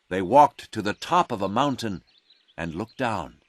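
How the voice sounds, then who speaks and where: A man narrating a storybook in a slow, expressive reading. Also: lowish voice, dry recording.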